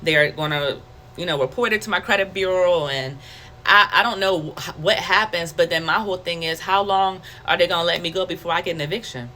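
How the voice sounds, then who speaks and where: A woman's voice: on the low side, fairly quick. A woman sharing a personal faith testimony in a candid, conversational way, acting out her own thoughts as she tells it. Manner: candid, conversational, animated storytelling with quoted self-talk. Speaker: testimony vlogger.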